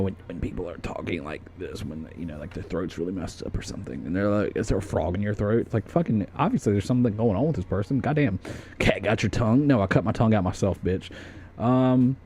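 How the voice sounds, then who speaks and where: A man's voice: medium pitch, dark tone, a little hiss or hum. A young man streaming, chatting casually in a jokey, profane way.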